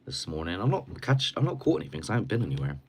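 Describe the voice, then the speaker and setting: Slightly hoarse, deep-voiced chatty man. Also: very animated, racing, slight background noise. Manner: rambling, chatty, sucking a cough sweet. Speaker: livestream host. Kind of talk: casual live stream chat.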